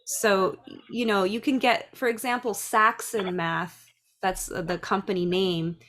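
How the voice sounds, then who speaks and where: A middle-aged woman who teaches dance and preschool, speaking in a chatty, lively way about classroom ideas. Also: medium pitch, measured pace, a little hiss or hum. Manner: chatty, lively, acts out little voices. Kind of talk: casual talk.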